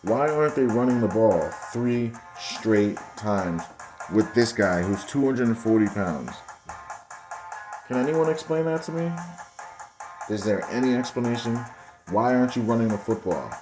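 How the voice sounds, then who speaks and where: A man's voice: on the low side, normal speed, music in the background. A young man giving casual video commentary over game footage, ranting in exasperation and calling his viewers guys and bro. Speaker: football commentary channel host.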